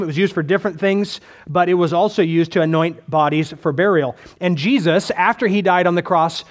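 Conversational preacher, a fairly high-voiced man. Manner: conversational preaching with rhetorical questions and restarts. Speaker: pastor. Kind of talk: sermon.

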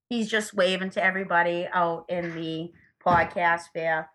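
A woman's voice: lowish voice, steady tone, moderate pace, few pauses, a bit bright. A woman in her thirties, a podcast guest chatting casually into a laptop mic, rambling with lots of fillers and frank swearing. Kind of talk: casual chat. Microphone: laptop microphone.

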